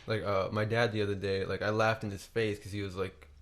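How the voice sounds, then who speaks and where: A man's voice: lowish voice, flat delivery. A young man co-hosting a podcast, talking earnestly and casually with lots of fillers. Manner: quick, earnest, full of fillers. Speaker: podcast co-host. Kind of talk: casual chat.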